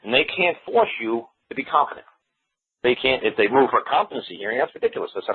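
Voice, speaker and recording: A man's voice: mid-range voice, very animated, quick pace, slightly rough. Man talking over a tinny phone line. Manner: rambling, folksy, repeats phrases. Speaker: radio show host. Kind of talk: casual talk radio monologue.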